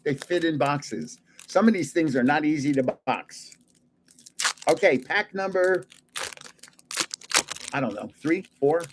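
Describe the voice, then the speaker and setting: A man's voice: on the high side, animated, slow, pauses often, a little hiss or hum. An older man hosting a casual livestream, chatting and chuckling as he opens and shows off trading cards and greets his viewers. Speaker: card-collecting livestream host. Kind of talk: casual livestream chat while opening cards.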